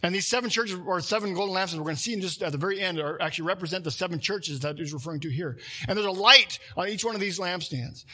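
A middle-aged pastor preaching a sermon, his voice high and bright. He talks like a conversation and turns aside to the congregation. He often stops and starts a phrase again. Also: fast talker, hardly any pauses, slightly rough.

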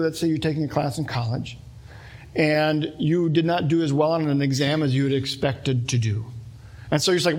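A man's voice: fairly high pitch, husky. A man in his thirties preaching a sermon as a pastor, talking conversationally and explaining with everyday examples.

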